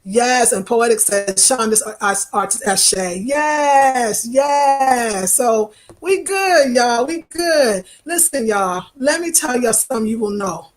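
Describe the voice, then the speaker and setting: New York woman vlogger, higher voice, expressive, talks straight to viewers. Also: slow, few pauses. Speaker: travel vlogger. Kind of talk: casual live-stream chat reading comments.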